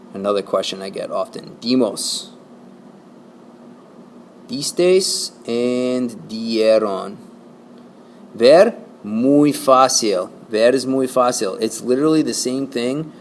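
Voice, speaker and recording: A man's voice: on the low side, slight background noise. A man teaching a Spanish lesson to his class, explaining patiently and checking in with "okay?" and "right?".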